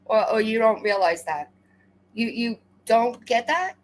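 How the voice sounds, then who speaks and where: A woman's voice: a little high, lively intonation, unhurried, low-quality recording. A woman commentator reacting to a livestream clip, confrontational and sarcastic, often restarting her words.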